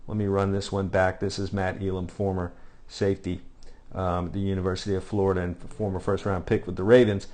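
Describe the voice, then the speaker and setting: A man's voice: low-pitched, little pitch movement, fairly quick, a little mellow. A man coaching defensive backs, talking over video of a drill and repeating short cues with frequent "all right?" checks. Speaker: football coach.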